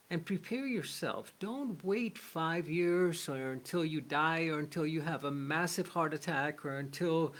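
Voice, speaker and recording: A male spiritual teacher lectures in an earnest storytelling manner, weaving a parable into his lesson. His voice sits somewhat high, and he speaks at a slow pace. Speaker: shamanic teacher.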